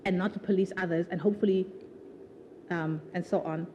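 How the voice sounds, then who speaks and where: At a live festival event, a woman author talks conversationally before an audience at her book launch, full of laughter and repeated words as she restarts sentences. She speaks fairly quickly in a lowish, fairly even voice. The lo-fi recording carries background noise.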